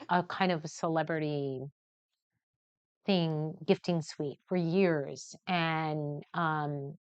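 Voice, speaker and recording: A middle-aged woman hosting a live newborn photography session, chatty and animated, acting out the people in her stories. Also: deep voice, smooth, no room sound. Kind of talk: lively storytelling while demonstrating a shoot. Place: photo studio during a live stream. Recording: slightly dull, muffled audio.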